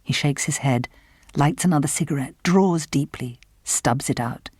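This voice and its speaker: A woman narrating a literary novel in an audiobook, with measured, even storytelling. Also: low-pitched, husky, no echo, clean studio sound.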